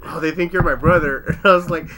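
A man's voice: fairly high pitch, steady tone, fast talker, very noisy. A young man telling a bar story in casual chat, laughing often, swearing freely and acting out what people said. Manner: laughing, profane storyteller who acts out quotes.

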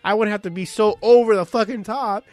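A man in his thirties chatting casually, telling a profane, animated story and acting out quotes. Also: high voice, brisk, no room sound. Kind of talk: casual chat.

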